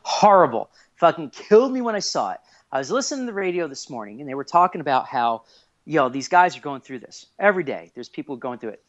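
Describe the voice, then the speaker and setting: A man in his thirties, a guest on a casual podcast, telling stories in an excitable way with lots of swearing. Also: a little high, fast talker. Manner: animated, swears a lot, excitable. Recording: dull lo-fi podcast audio.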